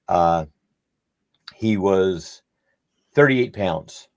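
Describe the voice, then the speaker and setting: Gravelly, low-voiced man telling a story. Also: lively intonation, takes it slowly, long pauses. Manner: rambling, anecdotal, acts out quoted dialogue. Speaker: podcast panelist. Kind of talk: casual storytelling.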